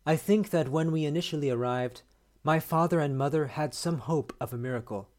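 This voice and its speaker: A man hosting a podcast, reading a short story aloud in a measured, steady way. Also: fairly high pitch. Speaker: podcast host.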